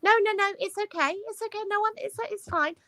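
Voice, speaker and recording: A British woman co-hosting a casual chat, excitable and gushing, with lots of exclamations. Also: very high voice, quick pace, no echo. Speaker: podcast co-host.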